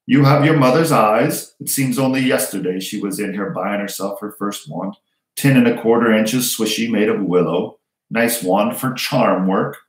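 A man reading aloud, voicing an old male wandmaker who speaks softly, draws out his words and turns stern and probing. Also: fairly low pitch, natural voice. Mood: musing. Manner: soft and drawn-out, suddenly stern. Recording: roomy echo.

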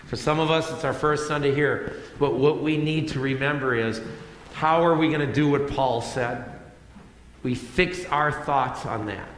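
A male pastor delivers a sermon in a plain, conversational way, circling back on phrases to press them home. His mid-pitched voice rings around a church sanctuary with a long reverb tail. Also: a little slow, a bit bright, a little hiss or hum. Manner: conversational, repeats phrases for emphasis. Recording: echoey hall with long reverb.

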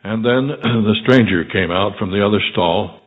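An older male preacher tells a story in a low, measured voice that drops to near quiet. He clears his throat often. The audio is thin and phone-like. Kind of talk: sermon storytelling.

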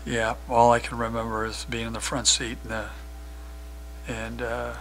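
Head coach, male, postgame presser; bright, animated storyteller, hums faintly behind. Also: medium pitch, moderate pace, slight background noise. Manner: animated storyteller, acts out quotes loudly; many fillers and restarts. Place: press conference room.

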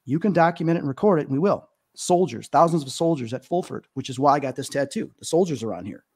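A husky, somewhat dark-toned male voice, pitched fairly high, speaks quickly and expressively. He's a psychic medium in his fifties, a guest on a podcast interview, telling stories earnestly and emotionally with lots of fillers.

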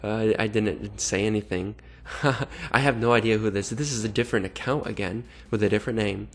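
A man's voice: fairly low pitch, fairly quick. A man reading chat messages aloud and adding exasperated, sarcastic comments between them. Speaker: online predator-baiting vlogger.

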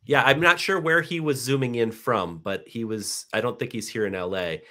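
A man being interviewed as a director, talking in a relaxed, earnest way and repeating words for emphasis. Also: medium pitch, normal speed. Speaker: guest, animation director. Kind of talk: casual interview.

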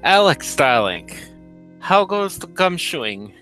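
Guy doing a flirty russian nightclub lady, bright voice, fake accent, all darling this darling that. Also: fairly high pitch, big pitch swings, slow pace, faint music behind, full character voice. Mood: coaxing. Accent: put-on Russian. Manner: teasing, coaxing, calls everyone darling. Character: sultry Russian woman, flirtatious nightclub hostess.

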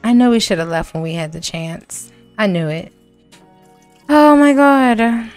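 A woman's voice: deep voice, normal speed, a little mellow, soft background music. A woman commenting on her life-sim game as a let's play host, dramatic and slangy, full of exclamations and swearing.

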